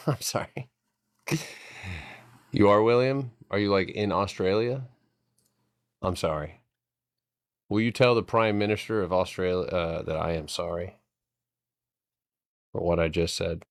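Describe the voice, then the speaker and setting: A man with a deep, low voice talks through stock charts on a live stream, cursing casually and cracking jokes between setups. The sound is dry and close, as if from a desk mic with no room around it. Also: a little slow, pauses often, no room sound. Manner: profane, joking, thinking aloud.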